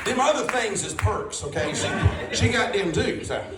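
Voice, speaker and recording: Lively high-voiced comedian. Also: male voice, normal speed, over loud music, a loud crowd. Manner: folksy rambling storytelling, punchline-driven. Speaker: stand-up comedian. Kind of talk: stand-up comedy set. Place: comedy club stage before a live audience. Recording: roomy club, distant mic, audience laughter.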